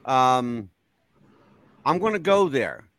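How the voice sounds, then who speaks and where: A man's voice: mid-range voice, big pitch swings, slow, fairly bright tone, no echo. A male podcast host asking leading questions in a chatty way, careful with his wording. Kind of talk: casual interview.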